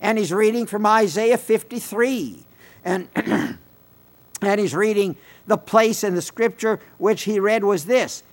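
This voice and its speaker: High-voiced earnest male preacher. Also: measured pace. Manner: earnest, rising to emphatic bursts on scripture. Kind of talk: sermon.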